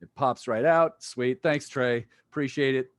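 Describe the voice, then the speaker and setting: A man's voice: medium pitch, measured pace, no echo. A playful man lecturing on physics over a video call, joking with students as he goes. His voice sits in a middle register. The sound is dry and close, with little room around it. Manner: playful, jokey, quizzes students. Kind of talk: online lecture.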